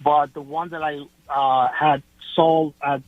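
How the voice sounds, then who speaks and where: A man calling in to a radio show, his voice coming through a tinny phone line. He speaks in a slightly high register and often stops and restarts his sentences. The sound is dry. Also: little pitch movement, no echo. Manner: halting, with many restarts. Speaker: caller. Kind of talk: telling a story on the phone.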